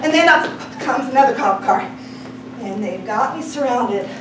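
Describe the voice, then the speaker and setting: A woman's voice: on the high side, normal speed. A woman telling a personal story to a live audience, acting out the voices of the people in it and laughing often. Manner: animated, acts out quoted voices, laughing often. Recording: echoey room, distant mic, noisy.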